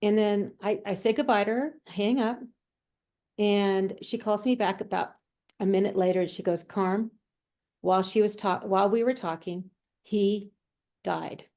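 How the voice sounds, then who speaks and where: A woman who works as a medium and healer, a guest in an interview, telling stories in a lively way and acting out the voices she quotes. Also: mid-range voice, unhurried. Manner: animated storyteller who acts out quoted voices. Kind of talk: conversational storytelling.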